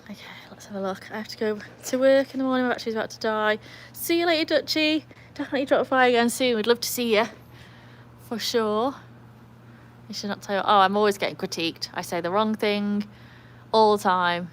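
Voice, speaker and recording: An English woman chats her way through a casual live stream, rambling easily from one thought to the next. She pauses to read viewer comments aloud, and her voice sits at an ordinary middle pitch. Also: steady tone, slight background noise. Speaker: livestream host with a trick dog.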